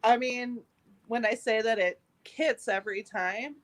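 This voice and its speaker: A female comic with a somewhat high voice, chatty and upbeat, with casual swearing as she walks through her material. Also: unhurried. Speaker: stand-up comic. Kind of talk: casual comedy workshop chat.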